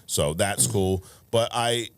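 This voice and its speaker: A man's voice: on the low side, slow pace, creaky. A man in his thirties from the United States co-hosting a podcast, reading viewer comments in a casual, laid-back way and swearing freely. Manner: laid-back, swears freely, calls people bro and dude. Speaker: podcast co-host.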